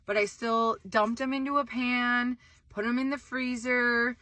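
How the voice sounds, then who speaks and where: Young woman vlogging, bright forceful voice, bit high, dry close sound, rambly and excitable. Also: measured pace, no room sound. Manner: excitable, animated, screams in retold moments, many "like"s. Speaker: vlog host. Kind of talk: casual storytelling vlog.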